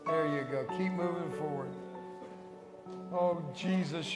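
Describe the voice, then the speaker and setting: A man's voice: fairly high pitch, takes it slowly. An older man, a guest evangelist, leading an altar call and a spoken prayer in a large church sanctuary, fervent and coaxing, with murmured praise between lines. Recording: echoey hall with worship music behind.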